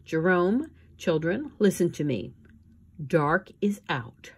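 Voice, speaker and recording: Casting: woman doing a breathless, excitable society lady in an audiobook, husky and eager. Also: slow pace, heavily acted. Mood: gushing. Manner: breathless and gushing, high and eager. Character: excitable, trend-obsessed rich society woman. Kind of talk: audiobook reading.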